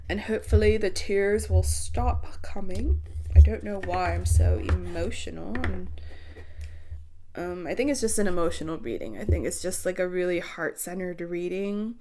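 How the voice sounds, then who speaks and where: A young woman talks her viewers through a spiritual card reading. She speaks slowly, at a medium pitch, and lets each phrase settle. She sounds earnest and teary. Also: noisy background. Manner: slow, emotional and earnest, speaking straight to viewers. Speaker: tarot reader.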